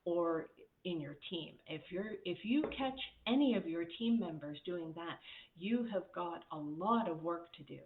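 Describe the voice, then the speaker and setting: A woman coach talks in a candid, chatty way, laughing at herself and swearing now and then. Her voice sits on the low side for a woman. The sound is narrow and phone-like, with an echoey room around her. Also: lively intonation, measured pace, a little hiss or hum. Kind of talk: casual talk on workplace dynamics.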